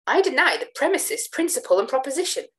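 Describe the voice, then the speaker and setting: Hot-tempered young gentleman as a woman puts him on, loud, high, storybook reading. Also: lively intonation, brisk, close to an everyday voice. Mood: indignant. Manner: loud, high, emphatic outbursts. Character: indignant young Scottish gentleman shouting his claim.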